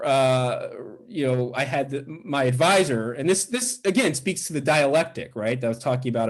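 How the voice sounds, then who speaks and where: Middle-aged male professor, interview guest; lively storyteller who mimics the people in his stories, mid-range voice. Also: medium pitch. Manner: animated, acts out quoted voices, frequent restarts.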